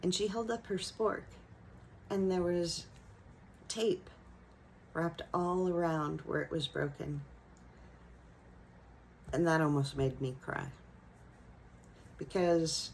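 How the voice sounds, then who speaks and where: A woman who teaches young children tells a personal story in a gentle, reflective way. Her voice sits low and her pace is slow and unhurried. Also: a little hiss or hum, low-quality recording. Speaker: elementary school teacher.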